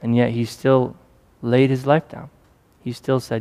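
Male preacher, mid-pitched, casual sermon delivery with acted asides, long hall reverb. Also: little pitch movement, a little slow, dark tone.

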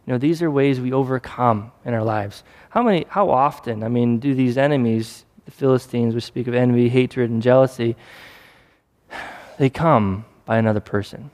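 A man's voice: medium pitch, moderate pace, a little mellow. A man preaching a sermon in a conversational way, acting out little scenes as he goes. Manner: conversational preaching with acted-out asides. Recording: long hall reverb.

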